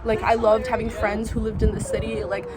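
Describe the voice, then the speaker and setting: A chatty young woman from the United States talks into her phone for a travel vlog, her voice sitting a little high. She rambles loosely and leans on filler words as she goes. A busy crowd murmurs behind her. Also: completely flat delivery, a little fast. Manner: chatty, many filler likes. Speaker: vlogger.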